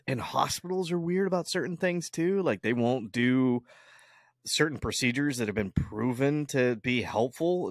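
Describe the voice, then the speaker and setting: A man of ordinary pitch hosts a casual chat show. He rambles crudely and makes his points with emphasis. He is recorded close and dry. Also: no room sound.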